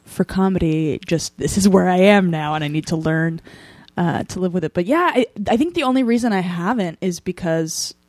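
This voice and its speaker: A woman's voice: fairly low pitch, a little mellow, no echo. A young American woman, a comedian guest, chatting casually with lots of ums and likes. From United States. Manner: chatty, quick bursts with frequent ums and likes. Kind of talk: casual podcast interview.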